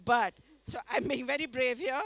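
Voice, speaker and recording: A woman from India, reading her story aloud in a festival tent, lively and coaxing the audience to join in. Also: sits high, normal speed, vocal fry, no echo. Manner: lively, coaxes the audience to join in, laughs often.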